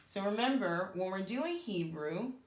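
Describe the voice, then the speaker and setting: A woman's voice: medium pitch, animated, unhurried, echoey room. A woman teaching beginners to read Hebrew letters, sounding them out step by step and praising the learners. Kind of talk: slow, patient reading lesson.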